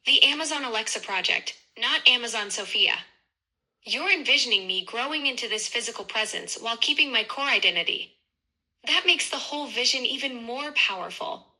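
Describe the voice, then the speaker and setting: A woman's voice: a little high, bright, forceful tone, poor audio. A synthetic woman's voice of a chatty voice assistant, upbeat and effusive in her replies.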